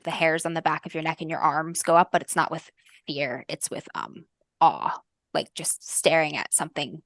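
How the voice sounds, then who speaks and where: A woman game master narrating a fantasy tabletop game in a soft, lyrical way, with frequent ums. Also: sits low, no echo, clean studio sound.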